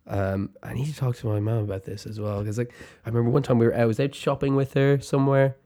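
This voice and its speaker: A man's voice: medium pitch, fairly even intonation, fast talker, dark tone. A man, a guest in a casual chat, telling rambling stories with lots of fillers and laughs.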